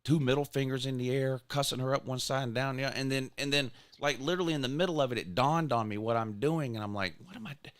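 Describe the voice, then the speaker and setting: A man, hosting a casual chat and telling a story in a self-mocking way, sometimes loud and sometimes mumbling. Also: mid-range voice, fast, few pauses, clean tone, dry recording. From Georgia, US. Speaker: podcast host.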